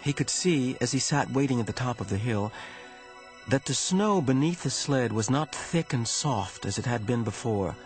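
A man narrating a novel in a measured storytelling manner. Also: darkish tone. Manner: measured storytelling, rising in pitch during tense passages. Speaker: audiobook narrator. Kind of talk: scripted narration.

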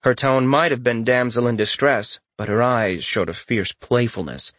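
A man's voice: medium pitch, moderate pace, a bit bright, dry recording. Man narrating a fantasy audiobook, dry.

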